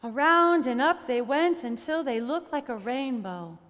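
Slow, high-voiced woman reading a story. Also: animated, fairly bright tone, long reverb tail. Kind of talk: storybook reading ending in prayer.

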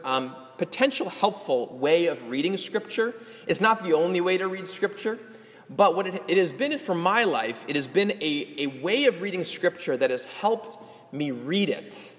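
A male pastor closing a sermon with practical teaching, gentle and earnest, often restarting his phrases. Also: fairly high pitch, long reverb tail.

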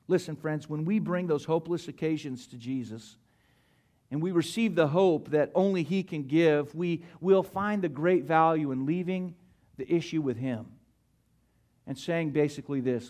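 A man preaching a sermon as pastor, rising to emphatic peaks and dropping to hushed, slow lines. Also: fairly high pitch.

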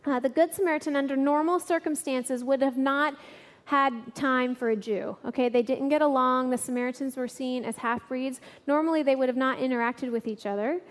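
Woman, sermon, high voice, animated storyteller, long hall reverb. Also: a little fast. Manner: animated storyteller, laughing through funny bits. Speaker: church speaker.

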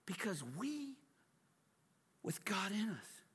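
Guest preacher, male, high and bright voice, unhurried sermon delivery with big dynamic swings. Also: very animated, breathy edge. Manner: dramatic, swings from hushed asides to shouting; humorous, conversational storytelling.

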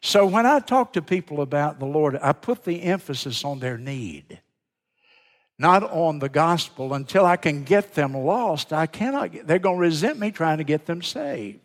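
A man preaching a sermon, telling folksy stories and swinging from loud to hushed. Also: fairly high pitch, animated, normal speed. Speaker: pastor. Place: large church sanctuary. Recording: long church reverb.

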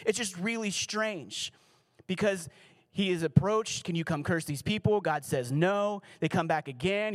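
A man giving a sermon as pastor, reading scripture and adding casual, joking asides. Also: a little high.

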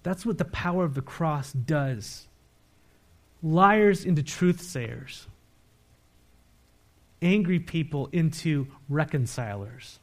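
A pastor preaching a sermon, reading scripture verses aloud and pressing the congregation with direct questions. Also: male voice. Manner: swings between emphatic, louder lines and low, quiet asides.

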